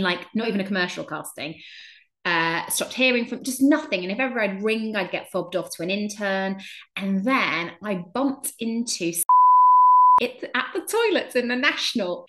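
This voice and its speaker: An actress telling stories in a chatty, animated way on a podcast. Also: female voice, mid-range voice. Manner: chatty storyteller, animated, swears. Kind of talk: casual chat.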